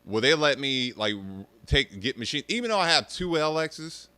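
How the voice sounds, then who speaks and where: A young man ranting casually to his viewers, swearing freely and mocking people in an animated way. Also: on the high side, moderate pace, clean tone, dry recording. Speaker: streamer talking about arcade rhythm games.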